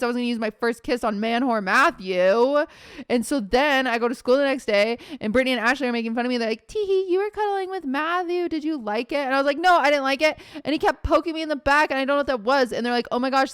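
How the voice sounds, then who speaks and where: Animated young woman telling stories. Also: fairly high pitch, clear, resonant tone, no echo, studio quality. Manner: animated, swears casually, acts out quotes. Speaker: streamer. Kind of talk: casual storytelling.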